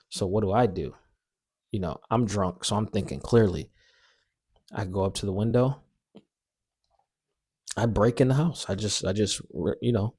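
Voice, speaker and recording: A young man telling a story-time tale in a casual, animated, slangy and self-mocking way. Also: on the low side, slightly rough, no echo, studio quality.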